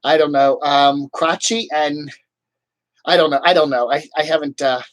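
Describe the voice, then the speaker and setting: A man's voice: on the high side, fairly even intonation, normal speed, dry recording. A man chatting casually to viewers on a live stream into a webcam mic, rambling with lots of "I don't know, man".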